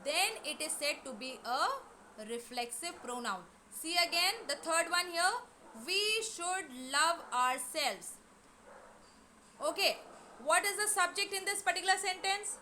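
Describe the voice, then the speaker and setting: Woman teacher, high bright voice, slow repetitive explaining, faint hiss. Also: lively intonation. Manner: explains slowly, repeats key words. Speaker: English teacher. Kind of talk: online class lesson.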